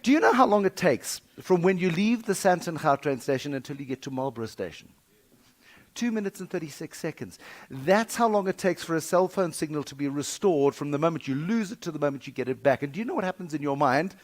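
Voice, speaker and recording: A man's voice: a little high, lively intonation, fairly quick. A middle-aged South African man giving a humorous keynote, telling stories with wry, dramatic swings in volume. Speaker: keynote speaker. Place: conference breakfast venue.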